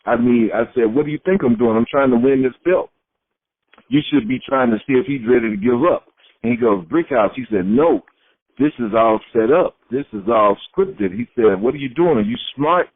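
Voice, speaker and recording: A man's voice: medium pitch, moderate pace. A middle-aged man from Florida, a retired wrestler, telling his stories in a shoot interview and acting out the voices of people he quotes. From Florida, USA. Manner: lively storyteller who acts out quoted voices. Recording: tinny phone-like line, dry.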